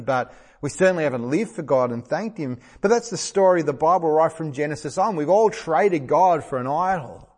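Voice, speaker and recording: A man's voice: on the high side, darkish tone. A middle-aged man preaching a sermon, earnest and emphatic, repeating phrases for stress.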